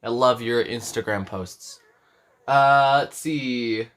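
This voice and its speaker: Slow and mid-pitched with a slightly bright tone, this eighteen-year-old crochet livestream host chats from his bedroom during a live craft stream. He rambles, fixes his own words, and reads the chat aloud.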